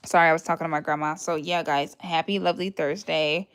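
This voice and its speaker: A woman's voice: low-pitched, fairly even intonation, fast talker, smooth. A woman, hosting a casual livestream, chatting with viewers, laughing often and acting out what people told her. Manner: retells conversations in put-on voices. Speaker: livestream host.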